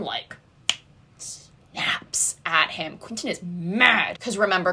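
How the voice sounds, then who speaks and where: A woman's voice: fairly low pitch, sharp tone. A young woman recapping a TV season in a casual, sarcastic, rambling way, full of "like" and "girl". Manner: chatty and sarcastic, heavy use of "like" and "girl". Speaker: recap video host.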